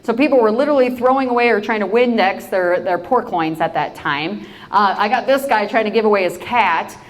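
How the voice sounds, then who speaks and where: A woman agriculture advocate from South Dakota gives a keynote built on stories. She moves from one anecdote to the next in a lively way and often turns to the audience with playful asides. Her voice sits at a middle pitch for a woman. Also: a little fast. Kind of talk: storytelling keynote talk.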